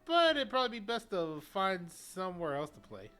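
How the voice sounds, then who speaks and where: A woman's voice: mid-range voice, big pitch swings, moderate pace, a bit bright. A woman streamer reading a video game's story aloud in a casual way. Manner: casual, reads story text then chats. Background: faint game music.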